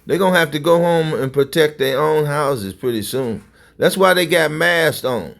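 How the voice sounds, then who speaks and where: A man preaching fiery religious commentary in a confrontational way, often breaking into shouts. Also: a little high, normal speed, creaky.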